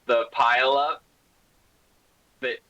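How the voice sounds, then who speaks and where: Slow rambling game master, bright voice. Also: male voice, mid-range voice, level tone, muffled recording. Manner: rambling, full of "like" and "um". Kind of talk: narrating a tabletop game.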